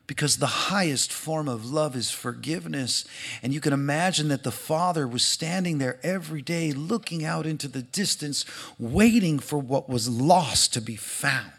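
Bright, high-voiced animated preacher man. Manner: animated, acts out quoted voices, swings from loud to hushed. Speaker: pastor. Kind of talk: sermon.

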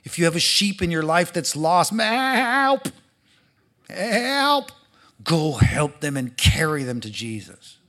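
Male pastor, high bright voice, lively sermon delivery with acted-out quotes. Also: normal speed, few pauses. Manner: animated, acts out quoted voices, swings from loud to hushed.

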